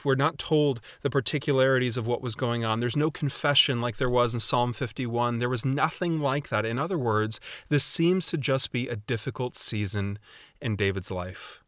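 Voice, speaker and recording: A man preaching a sermon in a measured, earnest way, with readings from scripture. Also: medium pitch, fairly bright tone, no echo, studio quality. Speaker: pastor.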